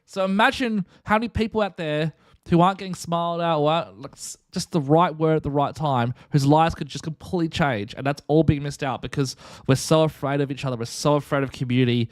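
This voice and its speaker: A young man, hosting a live stream and telling a lively personal story in casual chat. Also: fairly high pitch, fairly quick, no echo, studio quality. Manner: animated, chatty storyteller acting out dialogue. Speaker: streamer and host.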